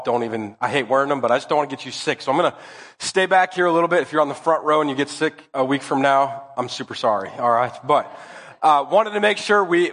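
A man's voice: mid-range voice, a bit bright. A middle-aged man with a cold, preaching a casual, joking sermon as pastor of his church. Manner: chatty, joking, conversational. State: has a cold. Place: church hall. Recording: reverberant church hall.

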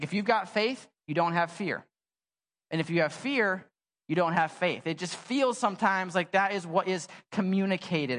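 A young adult man preaching a sermon in a church. He tells stories casually and with animation, using lots of "like," and his voice has a long church reverb. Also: sits high. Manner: casual, animated storytelling with many "like" fillers. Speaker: pastor. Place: church sanctuary.

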